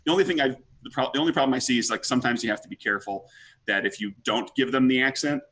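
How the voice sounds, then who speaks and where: A man's voice: medium pitch, racing, fairly bright tone, slightly rough. A man on a talk show as a guest game master, chatty and full of "like" and restarts. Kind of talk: casual chat.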